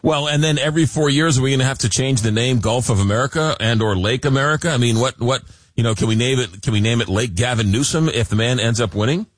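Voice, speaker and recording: A man's voice: mid-range voice, fast talker, dry recording. A man hosts a late-night radio talk show. He jokes a lot and trips over his own words, with repeats and fillers. The studio sound is dry and close.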